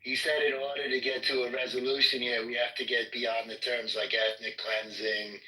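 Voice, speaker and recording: A man in a heated argument, answering calmly with brief, provocative interjections. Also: mid-range voice, normal speed. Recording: echoey room, mic at a distance.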